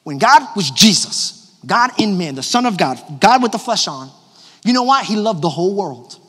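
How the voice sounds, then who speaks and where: High-voiced pastor preaching in a reverberant hall. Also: male voice, normal speed, breathy edge. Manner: animated, personal, jokes with the congregation. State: slightly hoarse from a cough. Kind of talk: sermon. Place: large church auditorium. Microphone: handheld microphone. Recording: long hall reverb from a large church.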